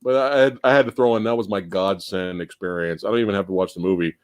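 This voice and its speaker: A man hosting a live movie podcast in casual chat, animated and profane, laughing often. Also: low voice, fast talker, clean tone, no echo, studio quality. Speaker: podcast host.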